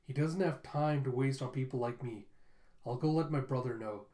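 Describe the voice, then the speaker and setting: A man's voice: medium pitch, moderate pace, warm tone, natural voice. A man doing a sulky rich schoolboy. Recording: roomy echo.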